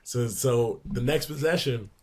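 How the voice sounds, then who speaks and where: A young man in his twenties, a podcast guest, telling lively locker-room anecdotes in a casual way, laughing along. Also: mid-range voice, unhurried. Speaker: podcast guest, pro basketball player. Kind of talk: casual storytelling in a sports podcast.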